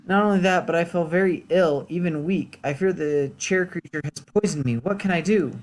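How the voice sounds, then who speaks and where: A man's voice: fairly high pitch, moderate pace, pitched above the performer's own voice, natural voice. A man doing a whiny, pleading peasant man. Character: ailing male peasant who sat on spikes.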